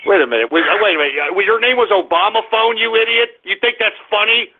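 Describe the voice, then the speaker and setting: A man hosting a call-in radio show, angrily ranting and shouting at callers. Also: high-pitched, animated, fast. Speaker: radio host taking call-in messages. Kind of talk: angry talk radio rant. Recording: tinny phone-line sound.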